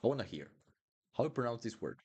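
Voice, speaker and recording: A man's voice: mid-range voice, very animated, fast, darkish tone, breathy edge. A man teaching pronunciation in a live lesson, repeating each word several times for students to copy. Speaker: Portuguese teacher. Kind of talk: live online language lesson.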